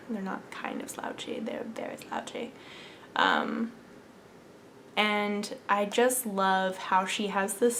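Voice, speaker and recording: A young woman talks slowly and unhurriedly, gushing over her finds in a casual show-and-tell chat, now and then slipping into a soft whisper. Her voice sits at an ordinary pitch, with a faint hum of room ambience behind her. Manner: gushing and enthusiastic, drops into whispers. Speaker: knitting podcast host.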